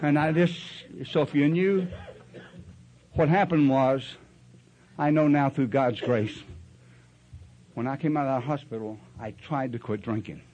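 A man's voice: medium pitch, unhurried, long pauses, darkish tone, highs cut off. An older man sharing his story at a recovery meeting in a rambling, folksy way, acting out other people's voices. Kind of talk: storytelling share.

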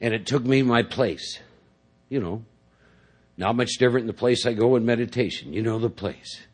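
At a recovery meeting before a large audience, a middle-aged man shares his personal story in a wandering style full of "you know" and "see?" His mid-range voice has a breathy edge and a moderate pace.

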